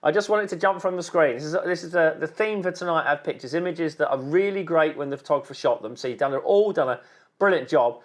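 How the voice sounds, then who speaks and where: A man's voice: fairly high pitch, fast talker. A man, a wildlife photographer giving chatty, encouraging critiques of viewers' photos with many ums and repeated words. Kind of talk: casual on-screen photo critique.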